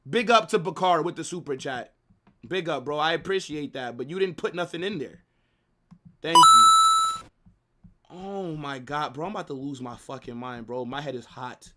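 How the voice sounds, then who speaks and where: A young man with a bright, forceful voice, pitched a little high, hosting a live football stream. He rants and swears nonstop in frustration as he reacts. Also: fairly quick. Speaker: livestream host.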